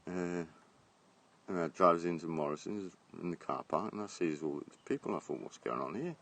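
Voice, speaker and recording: Deep-voiced man rambling on a phone stream. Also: normal speed, gravelly, fairly bright tone. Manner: rambling, blunt, laughs often, swears. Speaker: live streamer. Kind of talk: casual live-stream chat. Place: outdoors in a garden. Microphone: phone held at arm's length.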